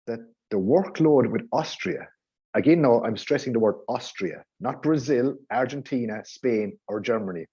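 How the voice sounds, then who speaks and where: A man's voice: on the low side, warm tone, slightly rough, dull audio. A man giving a heated, sarcastic rant in a casual podcast chat. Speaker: podcast guest.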